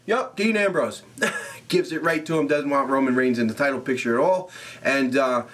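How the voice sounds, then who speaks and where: Young man, casual recap, curses a lot, laughs often, mid-pitched. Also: moderate pace. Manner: animated, laughs often, rambling fillers. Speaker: wrestling show reviewer. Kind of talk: casual recap, heavy swearing.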